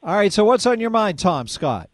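A man's voice: high voice, big pitch swings, normal speed, no echo. A man hosting a radio talk show, asking questions with curiosity and stating his opinions firmly. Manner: inquisitive, opinionated. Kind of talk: casual radio interview.

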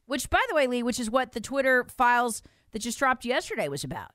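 A woman's voice: fairly high pitch, sing-song, a little fast, fairly bright tone, no room sound. A woman hosting a political talk radio show, speaking in an impassioned, emphatic and mocking way into a studio mic.

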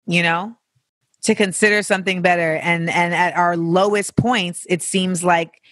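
A podcast host talks loosely and frankly, swearing freely and drifting into playful tangents. The voice is sharp and bright. It sits close and dry on the mic, with no room sound. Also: mid-range voice, steady tone, a little slow, dry recording. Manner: candid and profane, riffing with playful tangents. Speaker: podcast host answering listener questions. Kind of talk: casual reflective chat.

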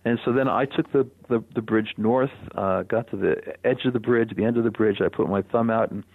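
An older man, a radio guest, telling a personal story in a reflective, animated way with soft chuckles. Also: lowish voice, brisk, vocal fry, no room sound. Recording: phone-line radio interview.

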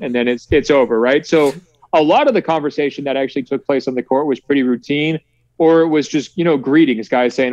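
A male sportswriter guest telling relaxed stories with lots of fillers in a conversational interview. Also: mid-range voice, fairly quick, dry recording, dull audio. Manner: relaxed storytelling with many fillers.

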